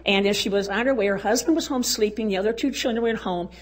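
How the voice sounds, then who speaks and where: A woman's voice: mid-range voice, quick pace. A woman speaking to a women's conference, telling folksy stories and chuckling often. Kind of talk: storytelling speech to a live audience.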